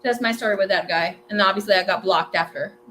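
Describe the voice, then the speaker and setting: A woman in her twenties hosting a tarot livestream, telling a story in a chatty, animated way, swearing freely and mixing in Spanish words. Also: medium pitch, fast talker, slight background noise. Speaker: tarot reader and livestream host. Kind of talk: casual storytelling chat.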